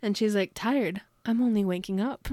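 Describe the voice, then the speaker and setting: A woman's voice: medium pitch, normal speed, warm tone, no room sound, studio quality. A woman casually retelling a novel's plot on a podcast, chatty and giggly, leaning on "like" a lot. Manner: chatty, giggly, heavy use of "like". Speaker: podcast co-host. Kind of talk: casual book discussion.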